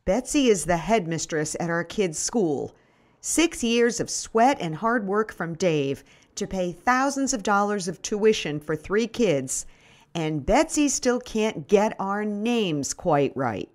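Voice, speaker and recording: A middle-aged woman reading her first-person memoir in a wry, deadpan storytelling manner. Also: medium pitch, slow. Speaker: narrator.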